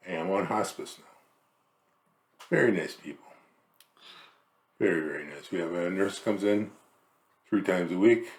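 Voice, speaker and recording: A middle-aged man who is weak and gets winded quickly, making dry, teasing jokes in casual chat. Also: low voice, reverberant. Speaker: husband sharing an illness update.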